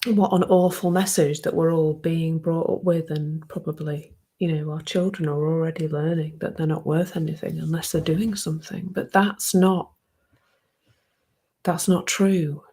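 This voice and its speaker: A woman in her fifties giving a soft-spoken, reflective personal talk that often sinks to a hushed near-whisper. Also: low-pitched, flat delivery, normal speed, hardly any pauses, slightly rough. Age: 50s. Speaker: speaker sharing a personal reflection.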